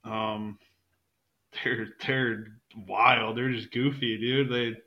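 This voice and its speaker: A man's voice: medium pitch, flat delivery, very slow, lo-fi sound. A young man guesting on a casual podcast, a rambling storyteller who swears a lot.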